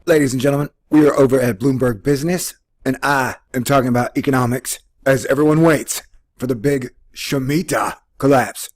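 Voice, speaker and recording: A man hosting a casual commentary video, joking sarcastically with sudden animated outbursts. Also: mid-range voice, a little fast, soft background music.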